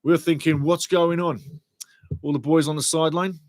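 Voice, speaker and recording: Chatty, excitable man hosting a live match stream. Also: on the high side, normal speed, no echo. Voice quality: chatty, excitable, swears casually. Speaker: watchalong host. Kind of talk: live fan commentary and chat reading.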